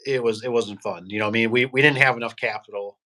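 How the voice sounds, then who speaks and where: A man's voice: mid-range voice, steady tone, quick pace, bright, forceful tone. A man, a garage door business owner, chatting casually and rambling through stories while acting out the people he quotes. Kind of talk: casual podcast chat.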